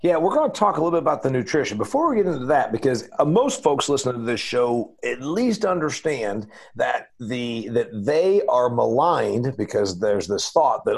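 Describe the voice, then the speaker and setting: A man hosts a podcast in a folksy, emphatic way. His voice is a little husky, and his pitch rises and falls a lot as he leans into the points he makes. The talk stays casual and chatty. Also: very animated, moderate pace, hardly any pauses. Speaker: podcast host.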